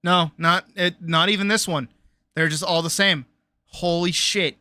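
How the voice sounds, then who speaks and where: A woman streamer chatting casually on a live stream, reacting loudly with exclamations, swearing and laughter. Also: lowish voice, steady tone, unhurried, no room sound. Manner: loud, exclamatory, swears freely, laughs often.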